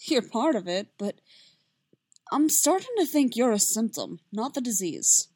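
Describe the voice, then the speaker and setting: A calm, gentle male Jedi master with a steady way of talking, voiced by a woman. His lines are reassuring rather than stern. The recording is close and dry. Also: fairly high pitch, measured pace, slightly rough, dry recording, full character voice.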